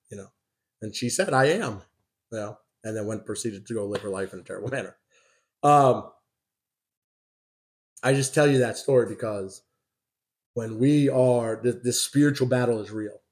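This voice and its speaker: A man's voice: fairly low pitch, normal speed, long pauses, a little mellow. A man preaching a sermon. He reads scripture with emphasis, then tells a personal story in a loose, conversational way. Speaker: pastor.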